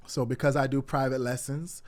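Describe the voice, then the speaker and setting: Animated young man telling stories. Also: mid-range voice, a little fast. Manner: animated storyteller acting out quoted dialogue, many fillers. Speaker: guest, wrestling coach. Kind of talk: casual interview storytelling.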